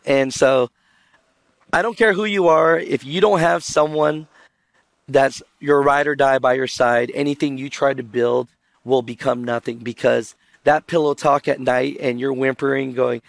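A man on a conference panel, telling stories in a lively way, acting out other people's lines and quizzing the audience with questions. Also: medium pitch, measured pace, vocal fry, no echo. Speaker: trucking video creator on a conference panel.

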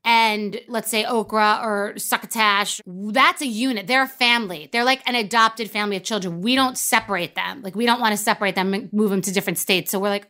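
A woman's voice: fairly high pitch, quick pace, bright, forceful tone. A woman hosting a podcast, telling a rambling comic story with many asides, then introducing a guest. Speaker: podcast host.

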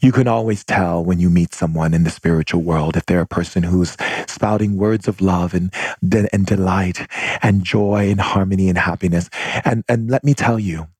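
Man, deep husky voice, impassioned spiritual talk, dry close sound. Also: steady tone, moderate pace, a little mellow, no room sound. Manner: repetitive, impassioned, calls listeners his family. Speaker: spiritual teacher.

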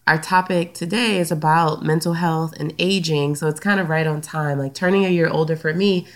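A woman with a Southern US accent talks through her solo podcast in a relaxed, chatty way, her voice sitting a little low. She sounds slightly stuffy from a recent sinus infection and fills pauses with frequent "um"s. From Louisiana, US. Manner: chatty, many "um" fillers. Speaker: podcast host and counselor. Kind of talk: casual solo podcast talk.

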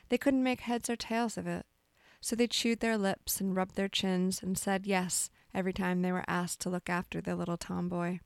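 A woman narrating a literary short story in a calm, even storytelling manner, lightly voicing the characters' dialogue. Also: fairly low pitch, clear, resonant tone, dry recording, studio quality.

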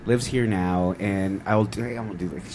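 A man's voice: low-pitched, fairly even intonation, normal speed, noisy background. A man co-hosting a casual podcast chat, playful and fond of imitating people.

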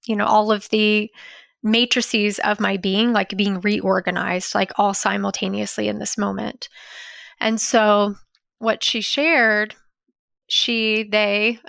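Woman, forties, fry in the voice, dry close sound; reflective spiritual storyteller with loose fillers. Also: mid-range voice, a bit bright, no echo. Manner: reflective, dreamy, many "you know" and "like" fillers.

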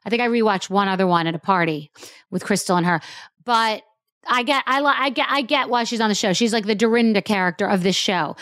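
A woman hosting a podcast, chatting casually about reality TV in a blunt, animated way and swearing freely. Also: mid-range voice, brisk, no room sound, clean studio sound. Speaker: podcast host. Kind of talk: casual chat.

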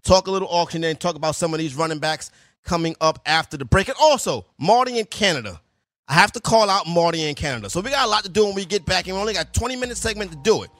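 A man's voice: high-pitched, animated, fast talker, fairly bright tone, dry recording. A man hosting a sports radio show, chatting casually in a loose, slangy way.

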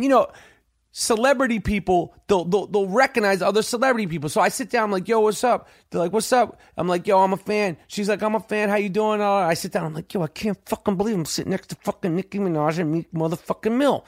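High-voiced, profane, animated podcast man. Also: no room sound, studio quality. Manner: animated, profane, swings pitch acting out quotes. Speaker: podcast host. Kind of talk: profane storytelling monologue.

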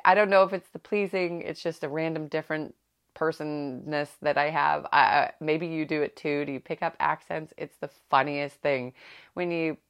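Very low-voiced gravelly woman host. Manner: chatty, laughs often, many restarts. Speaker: podcast host. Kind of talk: reflective parenting podcast monologue.

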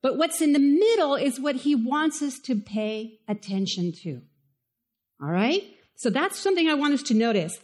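Woman pastor with a Spanish accent, high voice, chatty and lively sermon delivery. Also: moderate pace. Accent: Spanish-accented English. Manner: conversational and animated, asks the listeners questions.

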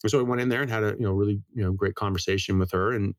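Brief: American male doctor as guest, brisk and earnest, quick delivery, dry close sound. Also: fairly low pitch, fairly even intonation, dry recording. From United States. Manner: brisk, earnest, tells anecdotes. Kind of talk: casual interview explanation.

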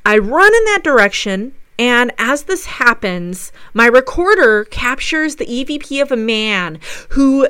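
A woman recounts a ghost investigation as a paranormal investigator, telling it with eager enthusiasm. Her voice is bright and smooth, and it sits close and dry with no room around it. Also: on the high side, no room sound. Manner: enthusiastic storytelling. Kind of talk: narrated recap of a ghost investigation.

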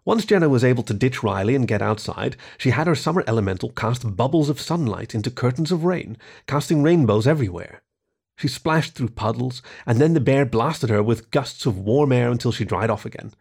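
A man narrating a short story in an expressive reading voice. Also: mid-range voice, a little fast, vocal fry, slightly rough.

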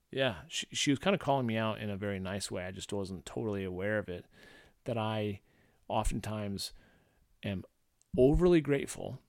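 A man's voice: lowish voice, lively intonation, moderate pace, pauses often, darkish tone, dry recording. Casual man talking candidly, dry sound. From St. Louis. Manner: loose and conversational, many fillers, acts out quoted voices. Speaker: podcast host. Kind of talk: casual solo podcast talk.

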